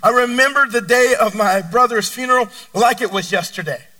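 A man in his thirties delivers a sermon in a strikingly high, piercing and bright voice. He swings between loud, emphatic lines and hushed ones. He sounds a little distant from the microphone. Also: moderate pace. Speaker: pastor. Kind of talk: sermon with personal story.

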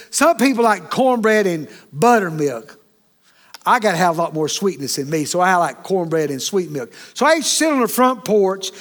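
High-voiced preacher, animated. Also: male voice. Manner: animated, chatty, keeps asking the congregation "okay?". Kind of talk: sermon.

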